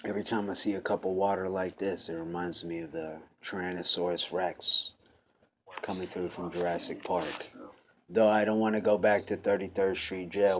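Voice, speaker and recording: A man's voice: sits low, a little hiss or hum. A man being interviewed, talking in a rambling, hesitant way with lots of fillers. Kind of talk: casual conversation.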